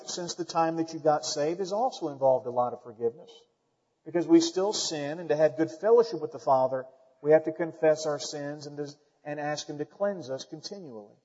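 A man preaching a sermon as pastor, emphatic and building to loud points, calling out to the congregation. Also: a little high. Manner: calls out to the congregation. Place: church sanctuary. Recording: dull lo-fi sound with long hall reverb.

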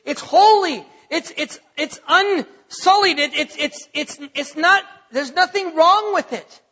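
A man's voice: extremely high pitch, takes it slowly, pushed and bright. A man preaching a sermon, speaking emphatically, repeating words as he builds points and quoting scripture. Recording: long hall reverb, dull lo-fi sound.

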